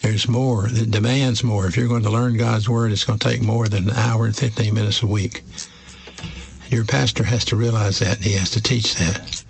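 A man preaching a sermon as a pastor from the United States, slow and emphatic with measured pauses. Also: fairly low pitch, steady tone, vocal fry, low-quality recording.

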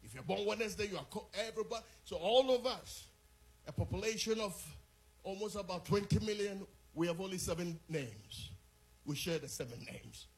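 A middle-aged man from Ghana, preaching a sermon as an animated storyteller who moves from quiet asides to shouted peaks. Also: sits high, a little fast. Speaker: pastor.

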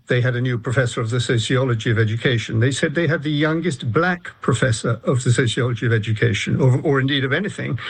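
A man who is a commentator on a radio panel, talking deliberately with frequent pauses and fillers. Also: medium pitch, slightly rough, poor audio. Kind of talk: panel debate.

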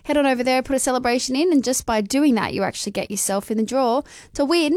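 A woman's voice: sits high, fast talker, darkish tone, dry recording, studio quality. An Australian woman hosting a breakfast radio show in a chatty, friendly way, rattling off phone numbers and web addresses. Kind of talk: casual breakfast radio chat. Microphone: studio microphone.

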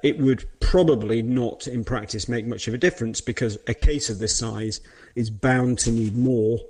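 A man's voice: medium pitch, moderate pace, a little mellow. A man giving a precise, explanatory comment on rules and timetables.

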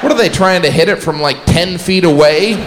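A man's voice: high-pitched, a little fast. A man doing a stand-up comedy set in a club, dry and self-mocking in his delivery. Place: comedy club stage with audience. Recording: live club with crowd noise.

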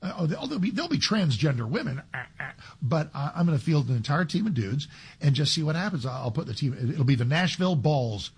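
A man's voice: on the high side, sing-song, a little fast, breathy edge. A man filling in as a talk radio host, delivering an emphatic, sarcastic monologue with frequent restarts. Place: radio studio. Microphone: studio microphone.

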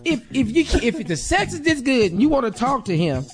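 High, animated woman co-host with music behind. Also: fairly quick. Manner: animated, laughing, slangy and emphatic. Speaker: radio show co-host. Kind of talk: joking advice banter. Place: radio studio.

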